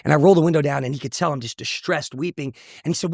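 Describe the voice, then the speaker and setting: A man's voice: a little high, racing, creaky, no room sound, clean studio sound. A man, a motivational speaker, telling an emotional personal testimony in an intense, earnest way. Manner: intense, earnest storytelling with repetitions.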